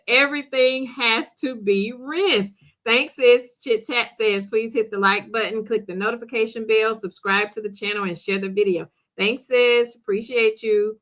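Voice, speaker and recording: A woman's voice: medium pitch, bright, forceful tone. A middle-aged woman hosting a live chat, reading viewer comments aloud and answering them in a chatty way with frequent laughter. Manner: chatty, laughs often, talks back to commenters. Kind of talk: casual chat.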